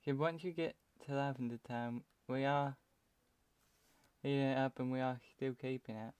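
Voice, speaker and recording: A man's voice: mid-range voice, steady tone, moderate pace, darkish tone, smooth, no echo. A young British man from the UK, chatting and rambling to himself as he plays a video game. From United Kingdom. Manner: rambling, self-talking, trails off mid-sentence. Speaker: let's play commentator. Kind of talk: casual game commentary.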